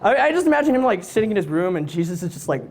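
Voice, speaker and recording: Lively young male stand-up comic. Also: high voice, very fast. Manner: rambling, hesitant, self-amused. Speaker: stand-up comedian. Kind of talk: live stand-up comedy. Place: live venue stage.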